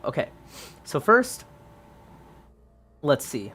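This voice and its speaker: A man's voice: mid-range voice, takes it slowly, pauses often, a bit bright, a little hiss or hum. A man casually narrating a solo tabletop game, thinking aloud through dice rolls with plenty of ums.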